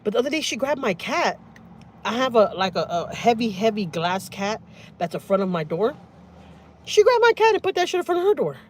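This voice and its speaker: A woman's voice: a little high, brisk, a little hiss or hum. Blunt, foul-mouthed woman. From Houston, Texas. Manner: blunt, profane, animated storytelling. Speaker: family vlogger. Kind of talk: casual livestream storytelling. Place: in a truck with windows down. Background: vehicle and outdoor ambience.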